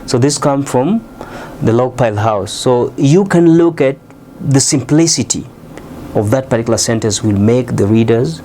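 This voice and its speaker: A man with a mid-range voice teaching an English lesson on video. He explains patiently, step by step, often pausing on "uh" and checking in with "okay?". A faint hum of room noise sits behind him. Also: mid-range voice, darkish tone.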